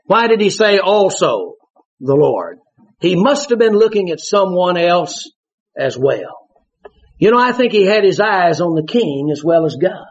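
A high-voiced preacher whose pitch leaps and dives as he tells his stories. He shouts out his punchlines and laughs along with the congregation. The recording is dull and lo-fi, like an old sermon tape. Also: sing-song, unhurried.

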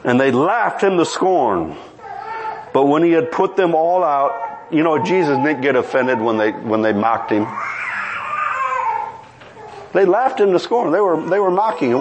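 Dramatic preacher man, higher voice. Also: sing-song, measured pace, long pauses, noisy background. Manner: dramatic, acts out voices, rising to near-shouts; quotes King James scripture. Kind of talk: sermon.

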